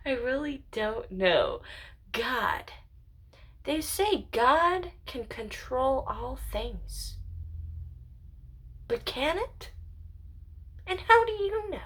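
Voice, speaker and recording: A high-voiced woman muses aloud in a slow, unhurried ramble, her pitch swooping up and down. She slips into whispers and giggles as she wonders, talking to herself at home. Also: husky. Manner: musing, drifts into whispers and giggles. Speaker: channel owner. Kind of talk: rambling philosophical monologue.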